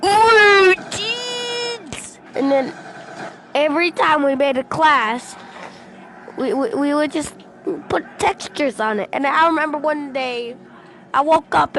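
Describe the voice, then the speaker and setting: A young female gaming vlogger casually telling a rambling story, excitable and breaking into shouts when she quotes people, into a headset mic. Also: high-pitched, measured pace, slight background noise.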